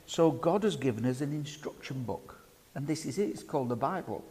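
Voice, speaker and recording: A man's voice: medium pitch, animated, brisk, dark tone, slight background noise. A man preaching a sermon, putting questions to the congregation and bantering with them by name. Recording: reverberant hall.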